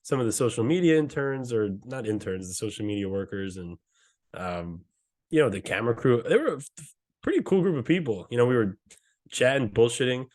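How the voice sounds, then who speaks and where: A man co-hosting a casual chat, his pitch swinging up and down as he jokes and reacts. He is excitable, breaks into laughter often and curses without a second thought. His voice sits at a middling pitch. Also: brisk. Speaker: co-host.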